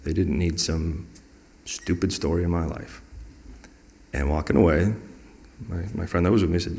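A man with a low voice that has a gravelly fry in it tells earnest, reflective personal stories. He talks in a conversational way and sometimes acts out the words of other people. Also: fairly even intonation, a little slow. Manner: earnest and reflective, acting out quoted dialogue. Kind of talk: personal storytelling in a conversational talk.

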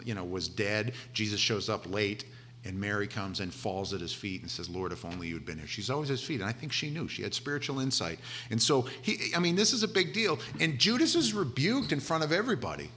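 A man preaching a conversational sermon, retelling scripture with animated asides and voiced characters. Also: fairly low pitch.

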